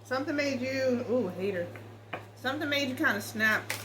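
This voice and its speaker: A woman's voice: high-pitched, animated, normal speed, pushed and bright, slight background noise, poor audio. Blunt, chatty woman reading tarot. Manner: blunt, swears freely, talks straight to the viewer. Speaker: tarot reader.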